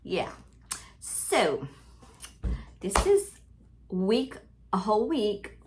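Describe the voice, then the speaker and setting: A woman's voice: medium pitch, big pitch swings, very slow, background noise. A middle-aged woman from Louisiana with a Cajun accent, chatting casually to her viewers during an unboxing at home. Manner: chatty, calls viewers y'all, easily distracted. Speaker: crafting channel host.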